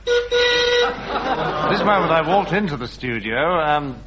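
A man's voice: high voice, sing-song, takes it slowly, crowd noise. A man on a radio comedy panel, spinning a silly story in a mock-pompous manner. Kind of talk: improvised comic storytelling. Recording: dull, very noisy old radio recording.

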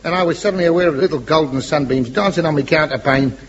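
A man's voice: on the high side, fast talker, a crowd in the background, lightly acted. An actor playing a lovesick, bashful man who gushes in a mock-lyrical way in an old radio comedy. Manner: mock-lyrical, sentimental gushing. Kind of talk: 1950s radio comedy acting. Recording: dull old radio broadcast with audience.

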